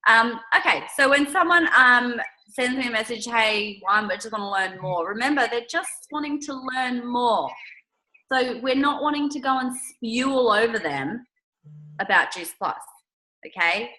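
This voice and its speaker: A woman's voice: fairly high pitch, unhurried, pushed and bright, reverberant, low-quality recording. A woman leading a team coaching call, upbeat and chatty, with lots of "okay?" check-ins. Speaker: network marketing team leader.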